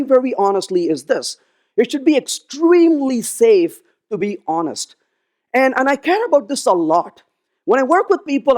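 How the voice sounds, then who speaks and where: A man giving a conference keynote, telling stories and acting out the dialogue in them. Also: very high voice. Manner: animated, acts out dialogue in his stories. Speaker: keynote speaker. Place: conference stage.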